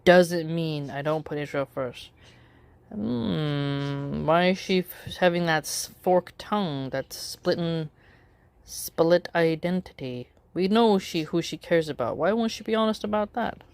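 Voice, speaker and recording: A woman giving casual opinion commentary in a wry, measured way, drawing out her phrases with pauses. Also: lowish voice, creaky, a little mellow, clean tone, no room sound. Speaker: political commentary vlogger.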